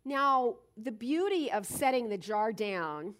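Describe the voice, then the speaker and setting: A woman with a high voice gives an unhurried spiritual talk. She speaks slowly, and her pitch swings widely as she acts out everyday stories. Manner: animated storytelling, acts out moments.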